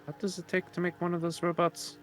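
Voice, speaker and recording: A man's voice: high-pitched, monotone, quick pace, faint music behind. A man playing a game with friends in casual chat, making wry joking asides. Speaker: co-player.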